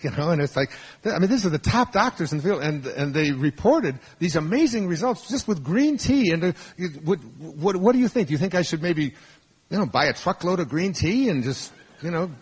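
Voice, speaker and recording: A man's voice: fairly high pitch, animated, fairly quick, a little mellow, husky. An older man giving a rambling, anecdotal talk to a live audience, full of restarts as he tells stories. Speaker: motivational speaker. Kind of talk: storytelling lecture to a live audience.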